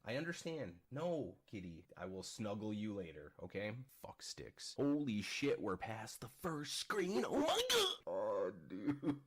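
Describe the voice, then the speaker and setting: Silly, profane guy in blooper reel, lowish voice, very animated. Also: a little slow, hardly any pauses, breathy edge. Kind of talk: joking outtakes while recording.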